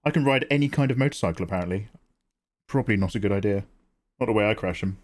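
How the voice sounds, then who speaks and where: A middle-aged British man hosting a livestream, chatting casually with viewers and answering them with quick jokes and asides. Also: lowish voice, lively intonation. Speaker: livestream host. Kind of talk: casual chat with viewers while drawing.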